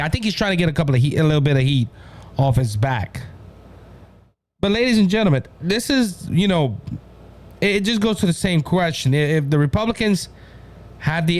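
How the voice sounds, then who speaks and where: A man with a Cajun accent from Louisiana hosts a political commentary show. His voice sits high for a man, and he talks in an animated, chatty way, calling out to "ladies and gentlemen" as he goes. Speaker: host.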